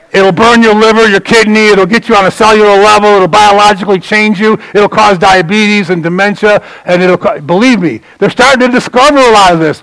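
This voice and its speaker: Animated, chatty male preacher. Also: high-pitched, gravelly, no room sound, low-quality recording. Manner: conversational and digressive, banters with the congregation; animated, swings between loud emphasis and dropped asides. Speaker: pastor. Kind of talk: sermon.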